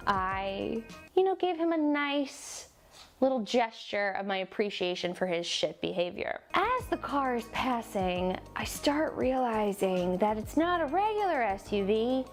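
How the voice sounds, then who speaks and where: A woman in her twenties with a New Jersey accent, telling a storytime vlog in an animated, self-mocking way. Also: medium pitch. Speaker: vlogger. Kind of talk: casual storytime monologue.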